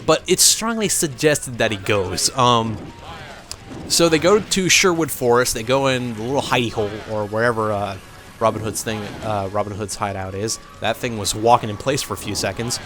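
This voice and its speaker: A man's voice: on the low side, moderate pace, fairly bright tone, soft background music. A man doing casual let's play commentary, rambling through a story with many fillers and swearing at the game now and then.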